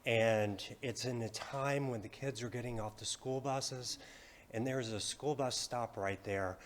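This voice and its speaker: A man's voice: mid-range voice, steady tone, a little slow, a little hiss or hum. A man speaking as a resident during public comment at a city meeting. He is losing his voice and sounds concerned, hesitating with fillers.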